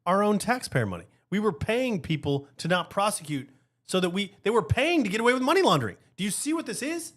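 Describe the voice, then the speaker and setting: A man hosting a podcast, giving heated political commentary in an animated, rhetorical way and often tagging his points with a question. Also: high-pitched, fairly quick. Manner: animated, rhetorical, keeps asking "right?". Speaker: podcast host.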